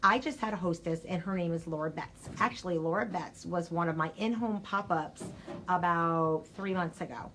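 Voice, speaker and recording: An older woman giving a chatty, energetic live coaching talk straight to her viewers, her throat scratchy and needing clearing. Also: lowish voice, normal speed. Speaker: sales coach.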